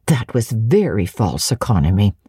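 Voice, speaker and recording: A woman's voice: rumbling low, big pitch swings, moderate pace, dark tone, husky, no room sound, studio quality, heavily acted. A woman voicing a kindly, courteous older widowed housekeeper.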